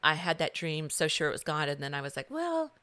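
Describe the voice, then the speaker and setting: A middle-aged woman with a notably low voice tells her story as a podcast guest. She swings between loud bursts and hushed passages. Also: little pitch movement, fast, clear, resonant tone, dry recording. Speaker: guest, author.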